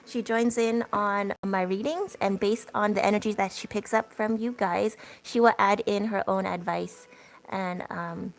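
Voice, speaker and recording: Chatty young woman with a gravelly edge. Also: mid-range voice, steady tone, unhurried. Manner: chatty, lots of filler words and laughs. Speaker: tarot reader. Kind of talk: casual livestream chat.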